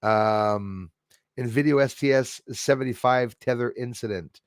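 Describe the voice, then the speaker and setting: A man's voice: medium pitch, a little slow, no room sound, clean studio sound. A man hosting a casual livestream, chatting loosely and reading out viewer comments with frequent laughs and fillers. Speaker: livestream host.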